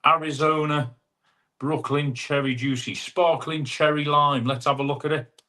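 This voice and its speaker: A man whose voice sits on the high side, steady, bright, and forceful, hosts a casual live chat from home. Chatty and quick with asides, he reads viewer comments aloud and addresses people as "mate," all through a wireless clip-on mic.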